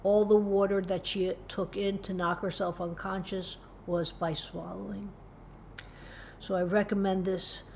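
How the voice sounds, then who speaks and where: A woman hosting a parenting tips show, earnestly retelling a personal story, dropping to a hushed voice at grave moments. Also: flat delivery, measured pace, creaky, lo-fi sound, slight background noise. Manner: earnest, vivid retelling with hushed low passages. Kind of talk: personal story told to camera.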